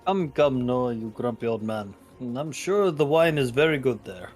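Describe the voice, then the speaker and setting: A man's voice: mid-range voice, expressive, normal speed, darkish tone, faint music behind, natural voice. A man voicing a hearty, teasing adventurer in a tabletop game.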